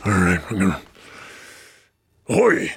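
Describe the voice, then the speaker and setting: A man putting on a gravelly old pirate captain. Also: low voice, wildly swooping pitch, unhurried, a bit bright, pitched below the performer's own voice, full character voice. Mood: gruff. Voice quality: gravelly, raspy. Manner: drawling pirate talk with hesitant fillers. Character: gruff old male pirate captain, sea dog. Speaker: podcast host.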